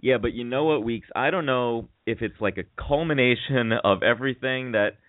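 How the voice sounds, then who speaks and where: A man's voice: medium pitch, normal speed, no room sound. A man co-hosting a radio show, telling candid stories in casual chat and swearing freely, feeling feverish. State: feverish, getting chills. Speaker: radio co-host. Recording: dry tinny phone-like sound.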